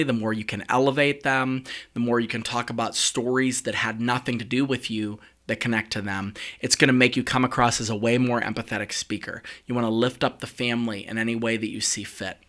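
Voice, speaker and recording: A middle-aged man, an executive communication coach, giving direct conversational advice with lively asides. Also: mid-range voice. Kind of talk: coaching talk, advice on eulogies.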